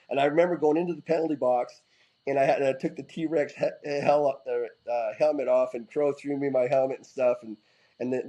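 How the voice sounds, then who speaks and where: A middle-aged man who used to play hockey is the guest in a casual interview, telling rowdy stories with animation, casual swearing, and many restarts. The voice is mid-range, and the audio is poor.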